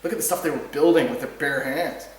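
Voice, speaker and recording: A man with a slightly higher voice talks in a heated, rambling stream, restarting words and swearing as he goes. He sits well back from the microphone. The recording is drenched in room echo. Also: quick pace. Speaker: podcast host. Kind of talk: casual ranting monologue. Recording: very echoey room, distant mic.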